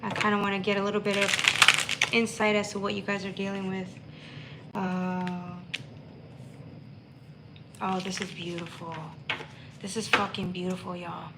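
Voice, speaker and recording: A woman's voice: medium pitch, little pitch movement, unhurried, pauses often, very noisy. A woman giving a tarot reading on a live stream, talking in an emphatic, emotional way and swearing freely. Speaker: tarot reader.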